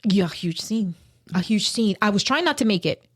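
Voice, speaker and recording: A woman's voice: mid-range voice, expressive. Woman telling an emotional personal story. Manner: halting, restarts, acts out quoted speech. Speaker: podcast guest.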